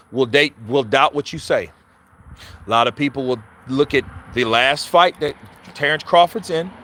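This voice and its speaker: A male boxing commentator chatting casually, animated and profane, laughing often and addressing his viewers directly. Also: on the high side. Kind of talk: casual chat.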